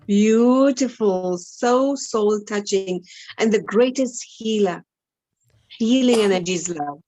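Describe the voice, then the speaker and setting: A woman guest on a video call who responds with warm, effusive praise. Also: medium pitch, takes it slowly, rough recording.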